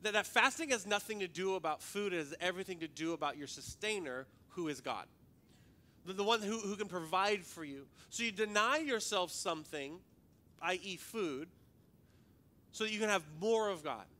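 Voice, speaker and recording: A man's voice: sits high, lively intonation, moderate pace, sharp tone. A male pastor preaching a sermon in a conversational, joking way, often repeating words as he goes.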